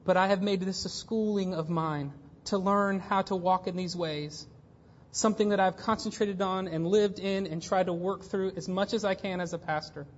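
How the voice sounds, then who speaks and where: A woman pastor in her thirties preaching a sermon, emphatic, swinging between hushed and intense passages. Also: fairly low pitch. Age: 30s. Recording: dull lo-fi church recording.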